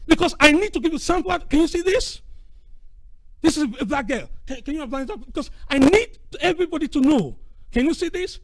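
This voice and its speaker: A middle-aged man giving an impassioned, preacherly conference speech, swinging from booming to hushed. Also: animated, a little fast, poor audio. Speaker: speaker at a conference.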